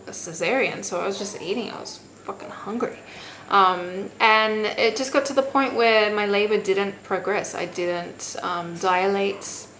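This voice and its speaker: A young woman talks straight to camera in a loose, candid way, dropping swear words and acting out the voices of people around her. Her voice sits at an ordinary middle pitch. A faint hum of noise runs underneath. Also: fairly bright tone, rough recording. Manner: candid, swears freely, acts out quotes. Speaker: vlogger. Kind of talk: casual storytelling to camera.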